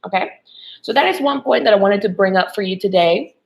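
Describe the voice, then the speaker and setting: A woman's voice: medium pitch, fairly quick, gravelly, rough recording. A woman love coach giving a motivational spiritual talk to women, checking in with "okay?" and "right?" as she goes.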